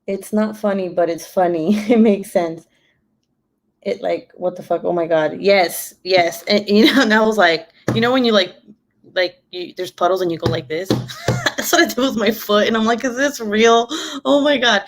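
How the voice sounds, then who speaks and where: A woman's voice: mid-range voice, very animated, moderate pace. A young mother chats straight to her viewers while working on a diamond painting. She tells the story casually, swears freely and laughs at her own troubles. She acts out what her kids and she herself said. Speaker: vlogger, mother of three boys.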